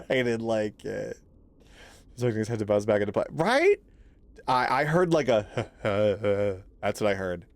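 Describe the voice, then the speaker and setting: A male streamer talking casually over a spooky game, his pitch bouncing all over as he reacts. He laughs a lot, drops the odd swear and keeps greeting his chat. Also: unhurried, dry recording. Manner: animated, laughs often, swears, thanks chat. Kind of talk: casual live gameplay commentary.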